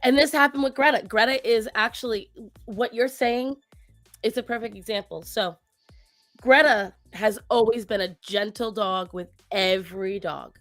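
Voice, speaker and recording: A woman co-hosting a casual talk show, speaking to her viewers and giving pet advice in an animated way. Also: a little high, moderate pace, no room sound, soft background music. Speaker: co-host. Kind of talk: casual chat.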